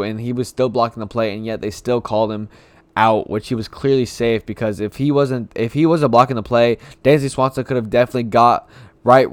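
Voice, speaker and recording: A man rambles through casual solo sports talk as a frustrated fan, circling back and repeating his points. His voice is smooth and clear, recorded dry and close with no room around it. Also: lowish voice, no room sound.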